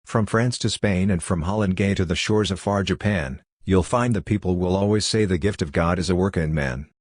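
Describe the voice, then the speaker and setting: A man reading as a rough, coarse male poet who recites his ballad in a hard, brassy voice without inflection. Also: sits low, normal speed, dry recording, clean studio sound. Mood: reciting.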